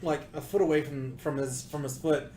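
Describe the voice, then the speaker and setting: A man co-hosting a casual podcast chat, excitable and jokey, laughing often. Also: a little high, moderate pace, reverberant, music in the background. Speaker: podcast co-host.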